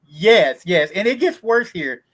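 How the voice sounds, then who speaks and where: A man's voice: sits high, very animated, measured pace, background noise. A man with a Southern Kentucky accent, hosting a casual chat about filmmaking, talking in rambling bursts with many stammered restarts. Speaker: host, indie filmmaker.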